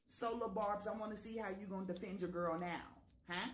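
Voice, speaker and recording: A woman's voice: mid-range voice, steady tone, a little fast, a little hiss or hum. A woman vlogger delivering an exasperated, profane, dramatic rant to camera from her home kitchen.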